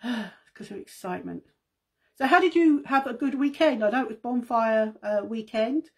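A woman's voice: a little high, moderate pace, breathy edge. A middle-aged woman chatting casually to her viewers on a live stream from home, rambling through asides and calling them guys. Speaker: makeup seller and host. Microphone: phone.

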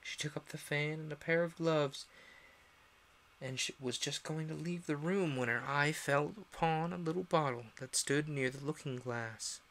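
A young man reading a classic storybook aloud on a stream, expressive and acting out the characters. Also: on the high side, normal speed.

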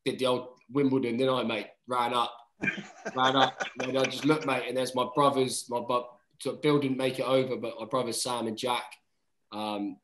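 A man's voice: mid-range voice, moderate pace. Chatty man in a roomy room. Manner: chatty, says "mate" often, lively retelling. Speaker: guest rugby player. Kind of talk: casual storytelling chat.

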